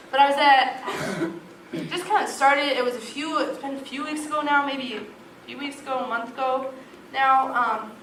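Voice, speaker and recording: A woman's voice: high voice, fairly bright tone, slight background noise. A young woman giving an earnest, confessional testimony to a youth group and urging listeners. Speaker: youth speaker. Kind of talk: personal testimony talk. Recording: echoey room from far off.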